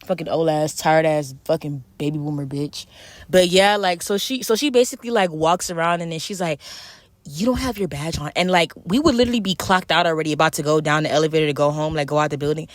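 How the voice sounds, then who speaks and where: A woman's voice: low-pitched, quick pace, no echo. A young woman venting to her camera in a casual, profane rant, full of "like" fillers. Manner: profane, ranting, frequent "like" fillers. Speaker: vlogger.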